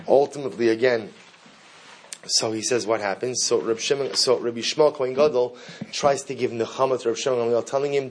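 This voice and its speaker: A man's voice: medium pitch, brisk. A middle-aged man teaching a Torah class, leading listeners through a text, asking rhetorical questions and repeating key phrases for emphasis. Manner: emphatic, rises sharply when reading Hebrew and Aramaic aloud.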